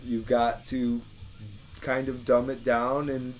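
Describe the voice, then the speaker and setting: Casting: mid-pitched man in his thirties, blunt, swearing podcast co-host who stumbles and restarts. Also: flat delivery, slow, over loud music. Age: 30s. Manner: blunt, profane, hesitant restarts. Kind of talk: casual podcast chat.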